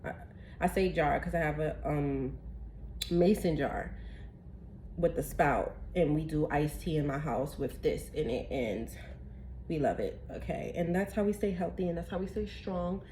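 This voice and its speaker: A woman chatting excitedly through a casual phone tutorial at home, saying y'all. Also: low-pitched, a little slow, a little hiss or hum. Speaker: tea seller showing her teas.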